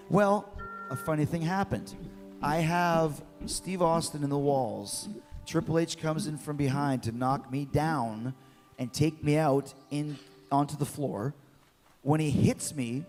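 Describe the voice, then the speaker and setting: A middle-aged man tells his stories with lively energy, often repeating himself as he goes. His voice carries a long reverb, and faint music plays in the background. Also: on the high side. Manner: lively anecdotal storytelling with repeated words. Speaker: guest, former wrestler. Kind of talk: storytelling in an interview.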